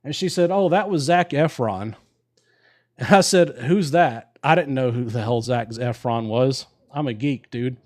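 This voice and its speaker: Relaxed male live-stream host, medium voice, chatty storyteller who cusses easily. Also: mid-range voice, a little slow. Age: adult with a wife. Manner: laid-back, swears casually, laughs while telling. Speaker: livestream host. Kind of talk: casual storytelling. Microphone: live stream microphone.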